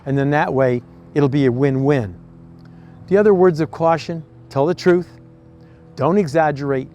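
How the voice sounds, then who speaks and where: A man's voice: fairly high pitch, darkish tone. Earnest folksy older man. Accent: American East Coast. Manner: folksy, earnest storytelling with restarts. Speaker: host. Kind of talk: casual advice talk.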